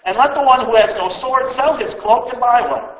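A man voicing a calm male teacher speaking solemn, tender last words, recorded in a roomy space. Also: very high-pitched, moderate pace, pitched above the performer's own voice. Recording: roomy echo.

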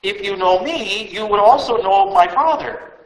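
A man's voice: high-pitched, expressive, unhurried, voice pushed up. Man reading a solemn, tender teacher. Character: calm male teacher giving last words. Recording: roomy echo.

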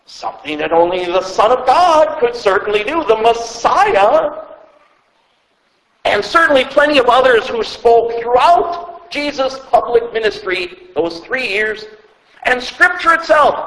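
A man's voice: very high voice, sing-song, takes it slowly, fairly bright tone, echoey room, big-room sound, rough recording. A man preaching a sermon as pastor, speaking emphatically and asking the listeners rhetorical questions, sometimes repeating words as he goes. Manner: stumbles and repeats words when speaking off the cuff.

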